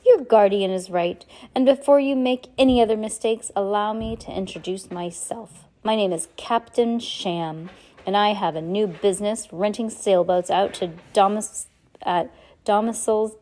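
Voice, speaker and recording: A scheming villain in disguise who speaks with oily, false politeness from a storybook, read by a woman. His voice sits at a middling pitch, a little louder than the narration around it. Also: moderate pace, natural voice. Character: scheming male villain posing as a sea captain.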